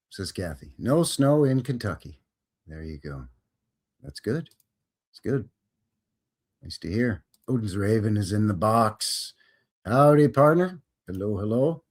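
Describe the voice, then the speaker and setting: A man's voice: lowish voice, expressive, takes it slowly, long pauses, breathy edge. A man from Canada hosting a casual live stream, chatting and greeting viewers by name in a folksy way.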